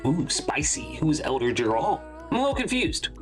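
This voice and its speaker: A man's voice: fairly high pitch, very animated, normal speed, faint music behind. A young man hosting a casual manga reaction, talking in a chatty, rambling way and often correcting himself mid-sentence. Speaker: channel host.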